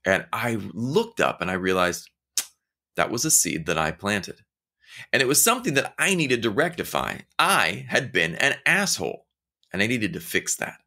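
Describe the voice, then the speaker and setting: A man in a casual motivational talk whose pitch jumps up and down as he tells stories. His tone is bright and forward, and he talks straight to the listener. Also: normal speed. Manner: animated storytelling, acting out quoted voices; conversational, addresses listener directly.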